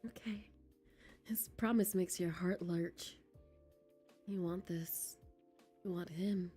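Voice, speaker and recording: A woman's voice: on the low side, steady tone, takes it slowly, mellow, slightly rough, faint music behind. A woman streamer reading a game aloud, giggly and flustered, dropping into whispers as she reads.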